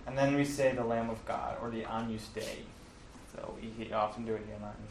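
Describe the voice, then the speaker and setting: A man's voice: fairly low pitch, fairly even intonation, a little fast, vocal fry, noisy background. Man explaining the Mass, roomy and distant. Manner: conversational, with fillers and self-corrections. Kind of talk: casual explanatory talk. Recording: roomy, from a distance, faint ambience.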